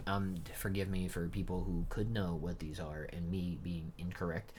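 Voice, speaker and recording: A young man, a manga reaction streamer, reads a chapter aloud live and rambles about it casually, with chatty asides and fillers. His voice is low and darkish, slightly rough, with little pitch movement, normal speed and few pauses.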